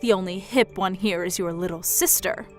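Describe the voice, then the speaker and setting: A woman's voice: lowish voice, normal speed, faint music behind, close to an everyday voice. A woman voicing a controlling middle-aged mother who mocks and belittles her daughter. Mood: scornful. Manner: mocking, belittling, pushy.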